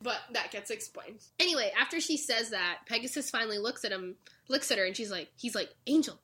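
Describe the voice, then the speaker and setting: Animated young woman, bright lively voice. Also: fairly high pitch, quick pace. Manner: animated retelling, acts out characters' lines, laughs often. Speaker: podcast co-host recapping a show. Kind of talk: casual chat.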